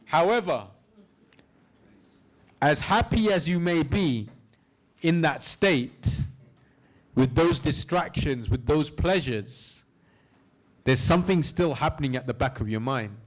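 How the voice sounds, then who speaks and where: Lively and interactive, a male instructor with a somewhat high voice quizzes his class with questions, and his pace drops for emphasis as he leads guided imagery.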